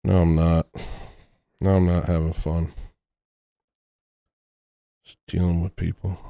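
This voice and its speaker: Male livestream host, lowish voice, close dry mic, sarcastic and weary. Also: flat delivery, slow pace, gravelly, dark tone, clean tone, no room sound. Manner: sarcastic, exasperated, mocking. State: tired. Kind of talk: casual livestream talk.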